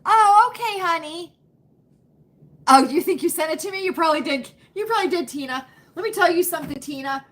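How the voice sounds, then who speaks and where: A woman's voice: very high voice, lively intonation, a little fast, a bit bright. A woman hosting a casual live chat from home to her viewers on a computer webcam, folksy and chatty, repeating her phrases for emphasis. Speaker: livestream host.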